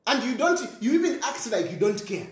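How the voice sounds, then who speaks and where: This Zambian-accented commentator speaks a little fast in an extremely high voice with big pitch swings, sounding reverberant. His impassioned monologue is a scornful rant full of scoffs, repeated phrases and local words.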